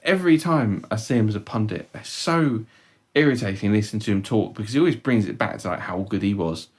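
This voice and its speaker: A young man co-hosting a casual football podcast, wry and quick to laugh, with mocking asides. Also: on the low side, animated, slightly rough. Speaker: podcast co-host, Tottenham fan. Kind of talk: casual chat.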